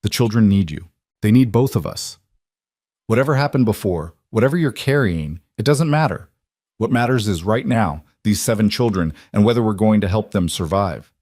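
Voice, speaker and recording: A man voicing a stubborn, caring young frontier woman who speaks firmly but gently. He does not change his voice much for her. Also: fairly low pitch, expressive, moderate pace, dry recording, clean studio sound. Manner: firm and gentle.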